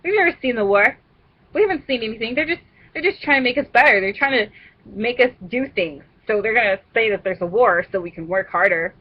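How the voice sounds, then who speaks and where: Brief: sincere, trusting teen boy voiced by a woman, husky and a little high, on a dull lo-fi track. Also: animated, fairly quick. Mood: earnest.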